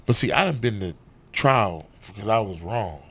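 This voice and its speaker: A man, an actor and comedian, telling profane, animated stories in a casual interview backstage at a comedy club. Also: fairly low pitch, normal speed. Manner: profane, animated storytelling with acted-out quotes.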